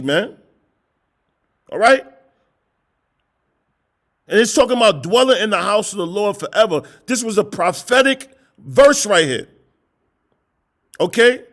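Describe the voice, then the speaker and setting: A man's voice: high voice, animated, measured pace, long pauses, fairly bright tone. A middle-aged man preaching a confrontational sermon, scolding his listeners with repeated rhetorical questions and blunt, profane language. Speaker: street preacher.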